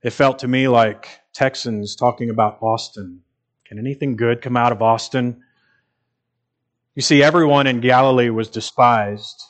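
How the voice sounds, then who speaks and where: A man's voice: mid-range voice, steady tone, moderate pace. A man preaching a sermon in an earnest, emphatic way, repeating phrases for stress.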